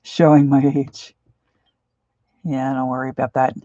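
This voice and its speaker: A woman's voice: rumbling low, little pitch movement, a little slow, no echo, highs cut off. A middle-aged woman from Pennsylvania with a Pennsylvania accent, chatting casually and rambling as she paints on a livestream. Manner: chatty and rambling, warmly nostalgic asides. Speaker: art livestream host. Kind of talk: casual chat while painting.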